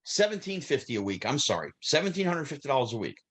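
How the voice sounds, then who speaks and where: Animated man telling stories. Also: mid-range voice, fast talker, husky. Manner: animated, acts out quoted people, restarts. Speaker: interview guest, former child actor. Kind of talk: storytelling interview answers.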